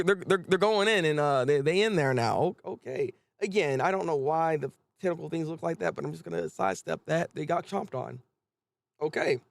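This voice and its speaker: Male streamer, live reaction commentary; high, bouncy, gravelly delivery, dry close mic. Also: no room sound. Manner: animated, joking, repeats words when excited.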